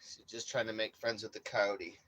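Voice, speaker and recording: A man's voice: lowish voice, level tone, moderate pace, bright, forceful tone, slightly rough, poor audio. A young man casually telling a rambling story full of swearing, often saying bro. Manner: profane, rambling, says bro a lot. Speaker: vlogger.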